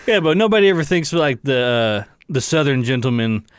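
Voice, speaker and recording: Brief: male podcast host, lively and up-and-down, slightly high, laughs and swears a lot, dry close sound. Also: a little fast, clean tone, no echo. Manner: laughs often, swears, meandering. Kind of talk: casual chat.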